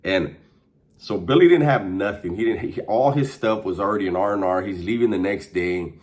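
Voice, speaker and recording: A man's voice: low voice, moderate pace, darkish tone. A man telling a prison story in a casual, slangy monologue, laughing now and then. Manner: laid-back, slangy, laughs while telling. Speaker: storyteller recounting prison life.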